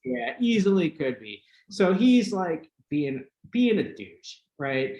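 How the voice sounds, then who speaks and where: A man's voice: high voice, slow pace, creaky. Laughing man telling a rambling story, roomy sound. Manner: animated, laughing storyteller with many fillers. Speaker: podcast host. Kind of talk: casual storytelling. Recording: roomy echo with faint noise.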